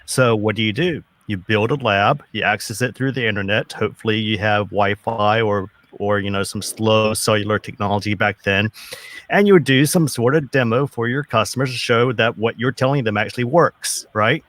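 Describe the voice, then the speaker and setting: A man's voice: lowish voice, moderate pace, a bit bright, no room sound. A middle-aged man on a video call panel, talking in an enthusiastic, folksy way. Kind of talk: casual panel chat.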